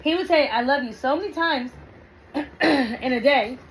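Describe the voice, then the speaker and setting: A middle-aged woman hosting a relationship talk, telling a personal story in a chatty, animated way with frequent laughs and fillers. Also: high-pitched, a little slow, slight background noise, poor audio. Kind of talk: casual storytelling monologue.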